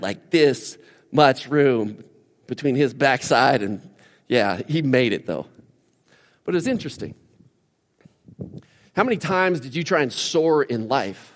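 Man preaching in a large echoing hall. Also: medium pitch. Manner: animated storytelling, swings from quiet to shouting. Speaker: pastor. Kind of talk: sermon.

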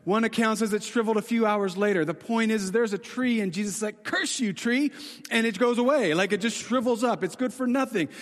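A man preaching a sermon in a casual, conversational way, telling the story dramatically and swinging from excited to hushed. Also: high-pitched, quick pace, hardly any pauses. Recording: long hall reverb.

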